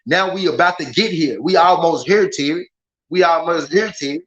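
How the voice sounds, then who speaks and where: A man with a Southern American accent hosting a casual boxing livestream, talking to his chat in an animated, repetitive way. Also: fairly high pitch, moderate pace. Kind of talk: casual live commentary. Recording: slightly dull lo-fi stream audio.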